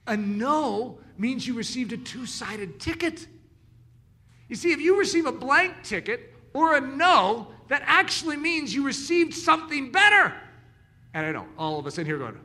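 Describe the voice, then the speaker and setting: A man preaching a sermon in an animated way, acting out the voices of his listeners. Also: extremely high pitch, moderate pace. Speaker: pastor.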